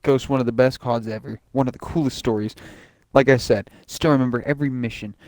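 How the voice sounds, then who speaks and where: A young man on a casual gaming podcast, excitable and profane, launching into scenes and bursting into character voices. His voice sits in an ordinary middle pitch and is recorded close and dry, with no room around it. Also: quick pace, no room sound. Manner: excitable, swears a lot, acts out game scenes in voices. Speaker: podcast host. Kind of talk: casual chat.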